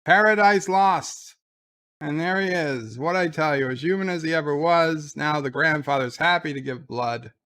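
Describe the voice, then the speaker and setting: A man's voice: a little high, moderate pace, few pauses, fairly bright tone. A man giving casual live commentary while watching a show. He hums theme music, then recaps scenes in loose, stumbling quoted dialogue. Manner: loose, rambling, stumbles and restarts.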